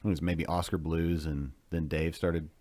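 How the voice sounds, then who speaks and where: A man in his forties hosts a live chat show, rambling eagerly and laughing easily. His voice sits low, and the recording is dry and close with no room around it. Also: flat delivery, mellow, no echo. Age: 40s. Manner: enthusiastic, rambling, quick to laugh. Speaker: podcast host. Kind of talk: casual live interview chat.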